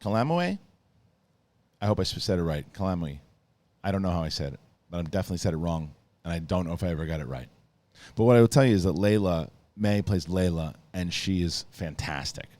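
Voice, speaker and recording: A man's voice: sits low, fast, mellow, no echo. A man giving a casual spoiler review of a TV episode, rambling enthusiastically with many restarts and asides. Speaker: TV show reviewer and host.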